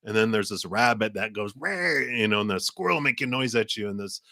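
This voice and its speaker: A man's voice: lowish voice, brisk, pushed and bright, dry recording, clean studio sound. A man giving a live tarot reading, talking in a rambling, meandering way full of fillers. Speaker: tarot reader.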